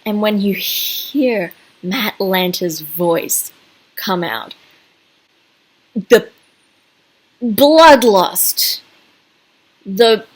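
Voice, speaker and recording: A woman's voice: mid-range voice, expressive, drawn-out words, pauses often, low-quality recording. A woman giving a casual video review as a fan, gushing and rambling with many fillers and restarts.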